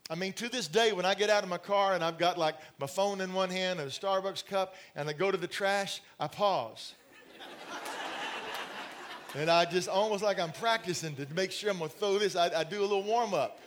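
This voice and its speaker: A man's voice: high-pitched, moderate pace, a bit bright, slight background noise. A middle-aged man preaching a sermon to a congregation, telling stories with laughs and asides. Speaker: pastor. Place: church in front of a congregation.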